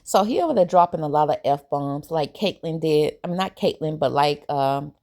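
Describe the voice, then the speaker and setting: A woman giving a casual, opinionated recap of a reality TV episode, animated and colloquial. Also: sits low, normal speed. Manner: animated, opinionated, briefly acts out quoted lines; relaxed colloquial grammar.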